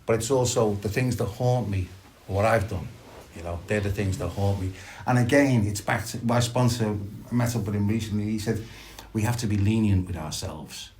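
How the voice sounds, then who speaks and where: A middle-aged man, sharing reflectively and haltingly at a recovery meeting, with many restarts. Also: lowish voice, a little mellow, a little hiss or hum. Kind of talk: personal sharing at a support meeting.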